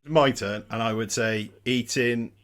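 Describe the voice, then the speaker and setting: Jokey man with a bright, forceful voice. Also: medium pitch, fairly even intonation, a little slow. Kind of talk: casual chat.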